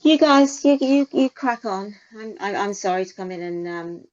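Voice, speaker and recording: A woman's voice: mid-range voice, expressive, moderate pace, darkish tone, muffled recording, close to an everyday voice. A woman putting on an exaggerated, plummy posh voice to play a mock-apologetic lady.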